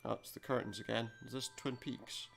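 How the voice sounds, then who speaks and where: A man with a gravelly, mid-pitched voice hosts a let's play, reading out a spooky game's text. Between lines he drops wry, dry little jokes in a casual tone. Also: fairly even intonation, brisk, fairly bright tone, faint music behind. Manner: wry, joking asides between dramatic readings. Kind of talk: reading game text aloud with asides.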